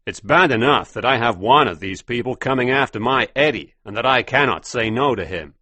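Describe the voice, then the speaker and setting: A man voicing a stern, fearful old father who speaks gravely and with warning, in a storybook reading for English learners. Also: medium pitch, expressive, brisk, bright, forceful tone, no echo.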